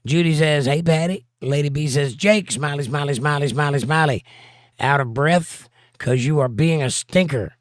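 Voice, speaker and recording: A hoarse man hosting a casual livestream, reading chat comments aloud and joking around. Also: a little high, moderate pace, no room sound, studio quality. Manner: joking, playful banter.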